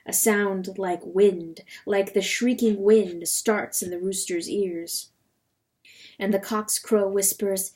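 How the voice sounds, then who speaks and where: Woman narrator for a dramatic book reading, slow and measured, mid-pitched. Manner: measured, expressive.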